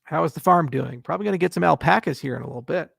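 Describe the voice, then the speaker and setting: A man hosting a casual livestream Q&A, reading viewer questions aloud and answering with wry, deadpan jokes. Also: fairly high pitch, rapid-fire, creaky, dry recording, clean studio sound.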